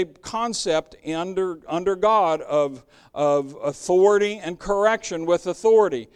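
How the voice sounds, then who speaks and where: A man delivers a sermon in a chatty, earnest manner, often restarting his sentences as he thinks aloud. His voice sits high and comes across smooth and clear, without any roughness. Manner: conversational, earnest, with frequent restarts. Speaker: preacher.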